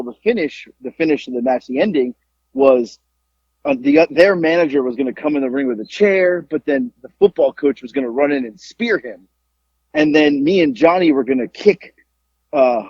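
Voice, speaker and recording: A man with a gravelly, husky voice tells a rambling story, with his pitch jumping all over the place. His lo-fi audio sounds dull and dry, with no room around it. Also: dry recording. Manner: animated, profane, rambling with many fillers. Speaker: podcast co-host, former wrestler. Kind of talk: casual storytelling chat.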